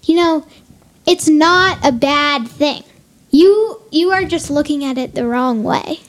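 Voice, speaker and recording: A woman's voice: high-pitched, slow pace. A young woman in a casual panel debate, arguing her side in an upbeat, earnest way. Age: young adult.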